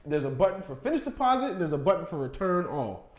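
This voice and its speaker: Animated high-voiced young man, echoey room. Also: fast talker. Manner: animated storytelling, swearing, mimicking voices. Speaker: podcast co-host. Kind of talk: casual chat.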